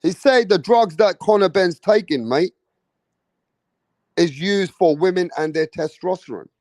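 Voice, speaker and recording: High-voiced yet darkish in tone, this young man from Britain rants on his boxing channel in an unhurried delivery, recorded dry. He's heated and profane, repeating himself while speaking straight to his viewers in a commentary video.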